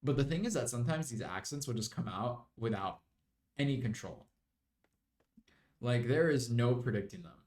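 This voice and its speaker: A man's voice: medium pitch, expressive, moderate pace, long pauses, darkish tone, echoey room. A young man streaming a game, chatting in a rambling way and slipping into mock British slang. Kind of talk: casual live-stream chat while gaming.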